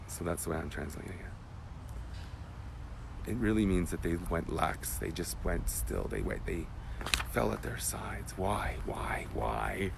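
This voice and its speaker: Rabbi teaching in loud bursts and whispers. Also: male voice, sits low, creaky, background noise. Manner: animated, emotional teaching. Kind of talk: Torah class.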